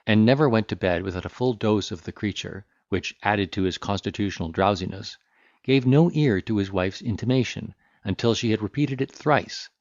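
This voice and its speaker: A low-pitched man reads a classic novel aloud in a measured, formal way. The sound is dry and close with no room around it, and slightly dull, lo-fi in its frequency range. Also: no room sound. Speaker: audiobook narrator. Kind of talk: scripted narration of a classic novel.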